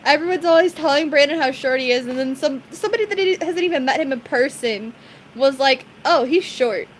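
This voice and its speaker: A woman's voice: sits high, fast talker, a little hiss or hum, poor audio. A woman streamer chatting casually with her viewers, giggling often and greeting people in the chat by name. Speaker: live streamer.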